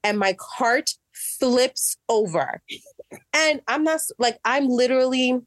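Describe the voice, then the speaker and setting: A woman telling a story in casual chat, animated and acting out what people said, getting exasperated as she goes. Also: high-pitched, slow, no room sound, clean studio sound. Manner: animated, acts out quotes, rising exasperation. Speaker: guest.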